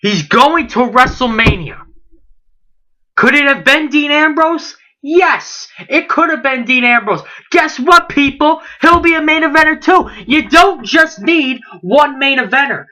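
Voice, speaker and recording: Late teens, wrestling vlogger, heated rant, rhetorical questions, high pitch, bright edge. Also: lively intonation, unhurried. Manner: indignant, rhetorical questions, repeats himself.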